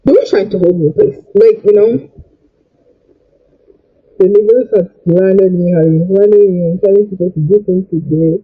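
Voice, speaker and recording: High-voiced young man, agitated and husky. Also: moderate pace, pauses often, phone-quality sound, soft background music. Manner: agitated, repetitive, stumbling over words. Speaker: vlogger. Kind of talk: storytime rant.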